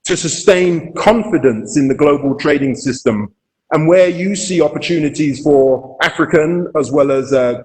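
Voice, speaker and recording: A man's voice: medium pitch, darkish tone. A man moderating an online panel over a video call, hesitant and full of fillers.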